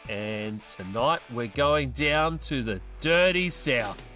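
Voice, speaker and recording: Bright, teasing Australian host. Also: male voice, mid-range voice, lively intonation, takes it slowly, faint music behind. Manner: upbeat, playful teasing. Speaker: podcast host. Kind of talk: casual sports chat.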